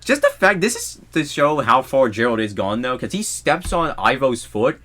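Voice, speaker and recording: A young man hosting a podcast, chatting casually about a movie he saw, excitable and quick to laugh. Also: mid-range voice. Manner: excitable, laughs often, acts out movie lines. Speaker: podcast host. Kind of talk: casual movie review chat.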